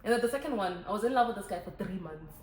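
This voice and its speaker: A chatty young woman, talking to her viewers in a lively, casual way. Her voice carries the echo of a bare room, with a faint hum of ambience behind her. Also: medium pitch, racing. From Botswana. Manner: chatty, animated, switches languages. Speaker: vlogger. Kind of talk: casual Q&A chat to camera.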